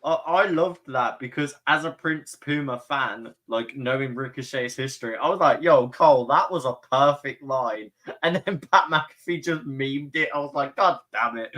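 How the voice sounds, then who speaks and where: Male co-host, lively retellings, middle pitch. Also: normal speed, hardly any pauses. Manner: animated storyteller, acts out quotes. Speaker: podcast co-host. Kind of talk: casual wrestling chat.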